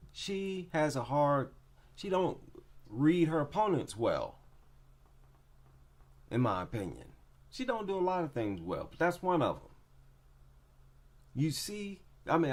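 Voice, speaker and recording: Slow, opinionated man breaking down fights. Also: on the high side, very animated. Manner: slow, opinionated, repeats points for emphasis. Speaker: MMA commentator.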